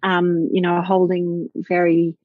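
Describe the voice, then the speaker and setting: A woman's voice: on the low side, completely flat delivery, slow, no echo. A woman, a business owner talking reflectively and with enthusiasm in a conversational interview, with many fillers. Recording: slightly dull lo-fi audio.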